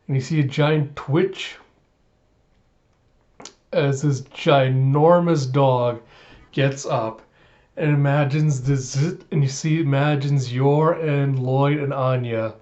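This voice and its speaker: A man's voice: on the high side, a little mellow. Chatty man recapping an episode. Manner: chatty, giggly retelling. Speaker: anime reaction video host. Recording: dull lo-fi audio.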